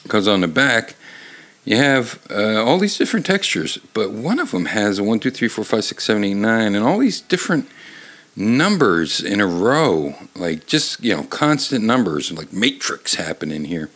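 Rambling, lively-voiced man hosting a solo show. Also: lowish voice, moderate pace. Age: middle-aged. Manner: rambling, self-interrupting, swears casually. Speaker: show host. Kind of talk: casual rambling monologue. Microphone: desk microphone.

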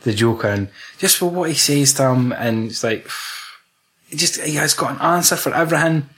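A man's voice: on the high side, lively intonation, normal speed, a bit bright. Chatty Scottish man. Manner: laughing often, acting out lines from scenes. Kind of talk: casual chat about a film.

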